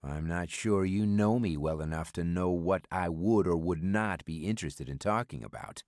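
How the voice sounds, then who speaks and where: A man's voice: low voice, moderate pace, a little mellow, dry recording, studio quality. A man voicing a guarded, blunt businessman in an audiobook thriller, raising his voice a little above his narrating tone. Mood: wary. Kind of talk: audiobook character voice.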